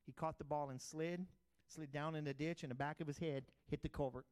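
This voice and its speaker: A middle-aged pastor, preaching a sermon in a conversational storytelling way, swinging from loud bursts to quiet asides. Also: male voice, fairly high pitch, steady tone, a little fast, clear, resonant tone.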